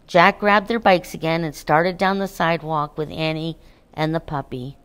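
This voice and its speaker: Calm woman reading a storybook. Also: low voice, normal speed, clear, resonant tone. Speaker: narrator. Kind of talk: children's storybook read-aloud.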